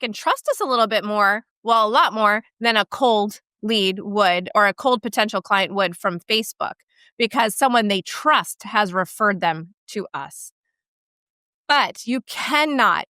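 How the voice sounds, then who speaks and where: A woman co-hosting a podcast, talking in an animated, emphatic way and often checking in with "right?". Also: a little high, clear, resonant tone, no echo, clean studio sound. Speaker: podcast co-host and portrait studio owner. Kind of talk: casual podcast discussion.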